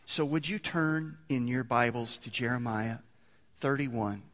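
A man's voice: mid-range voice, a little slow, a bit bright. A man preaching a sermon in a conversational way, often restarting his sentences and building to emphatic peaks. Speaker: pastor. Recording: long hall reverb.

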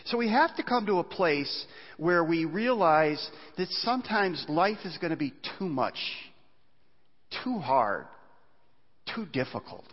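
A man preaching a sermon as pastor, animated and often voicing cries of despair. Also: a little high, a little slow, breathy edge. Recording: dull sound, long reverb of a large hall.

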